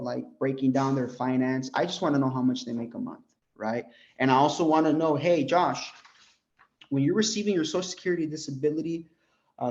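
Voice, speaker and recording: Young american guy coaching sales, keeps saying right and bro, kinda lo-fi call audio. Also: a little high. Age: young adult. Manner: animated, peppers talk with "right?" and "bro". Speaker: insurance sales trainer. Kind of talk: sales coaching talk with role-played pitch. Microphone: group call.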